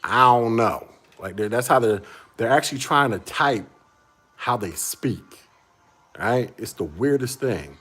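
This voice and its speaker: A man's voice: mid-range voice, expressive, a little slow, fairly bright tone, husky. A man in his forties, a livestream host, chatting casually with viewers in a laid-back way and laughing often. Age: 40s.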